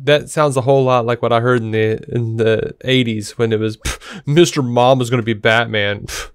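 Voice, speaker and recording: A man's voice: mid-range voice, fairly even intonation, normal speed, clear, resonant tone, dry recording, studio quality. A man co-hosting a podcast, chatting casually, blunt and sarcastic, often laughing. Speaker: podcast co-host. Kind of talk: casual chat.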